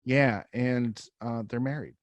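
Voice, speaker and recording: A man's voice: medium pitch, steady tone, slow, dry recording. Rambling casual male podcast host. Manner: loose, rambling, lots of fillers.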